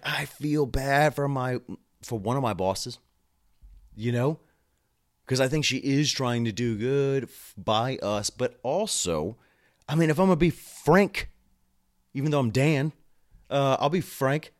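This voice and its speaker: A man who works as a nurse, ranting angrily into a camera at home, swearing a lot and breaking into loud outbursts and quick asides. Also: medium pitch. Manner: profane, frustrated, loud outbursts and rapid asides. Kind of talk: angry ranting vlog.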